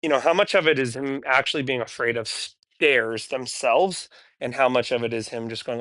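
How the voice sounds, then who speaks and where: With lively intonation and few pauses, a man talks at a normal pace in a fairly bright voice, recorded dry. He's a dog trainer chatting frankly to the camera mid-session, then turning to cheery, high-pitched praise for the dogs.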